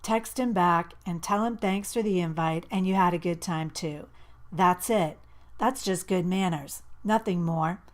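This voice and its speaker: Woman voicing a raspy sleepy teenage friend, lower register, audiobook dialogue. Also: unhurried, natural voice. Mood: sleepy teasing.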